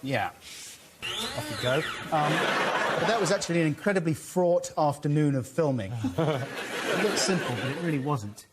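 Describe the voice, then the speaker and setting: A man in his forties, a dictionary corner guest, doing a deadpan, mock-earnest comic monologue. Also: on the high side, moderate pace, pauses often, very noisy. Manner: dry, mock-earnest, flustered bursts at a child.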